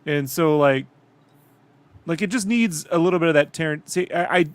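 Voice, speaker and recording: A man's voice: fairly high pitch, normal speed, dry recording. A man co-hosting a casual podcast chat, rambling and swearing as he retells stories and quotes people. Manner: swearing, rambling, quotes others in animated bursts. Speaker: podcast co-host.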